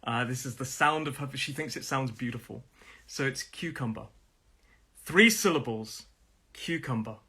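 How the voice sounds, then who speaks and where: Bright-voiced man teaching pronunciation. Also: mid-range voice, slightly rough. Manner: friendly, repeats words slowly with stress. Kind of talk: live-streamed pronunciation lesson.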